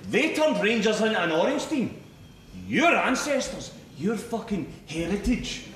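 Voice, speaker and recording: Man playing a combative Scottish guy, Scottish accent, squeaky-high voice, sounds far off from the mic. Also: sing-song, unhurried, fairly bright tone, exaggerated voice. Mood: arguing. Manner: sweary, argumentative, needling. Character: combative Scottish man, proud of Irish roots. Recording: echoey, distant, noisy.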